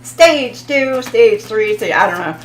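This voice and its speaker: Slow, chatty woman tarot reader. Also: fairly high pitch, expressive, rough recording. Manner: chatty, laughs often, stumbles over foreign words; talks to viewers in the chat. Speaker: tarot reader hosting a live reading. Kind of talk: casual live-stream tarot reading.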